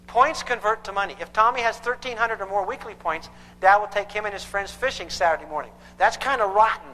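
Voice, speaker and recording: A man's voice: high-pitched, pushed and bright, slight background noise. A man giving a parenting seminar, emphatic and lecturing, who keeps quizzing his audience with questions. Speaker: parenting counselor. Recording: echoey hall with long reverb.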